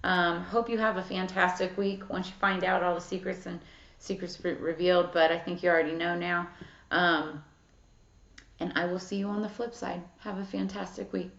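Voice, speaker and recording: Lowish and a bit bright, her voice holds a level tone and moves at a normal pace. As a tarot reader doing a laid-back reading, she swears freely, reads card texts aloud and leans on "like" and "um." The sound is dull and lo-fi, with room echo.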